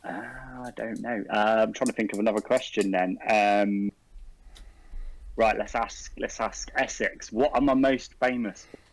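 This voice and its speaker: A man's voice: lowish voice, fairly even intonation, measured pace, low-quality recording. A man in a casual group chat who thinks aloud and chuckles as he guesses.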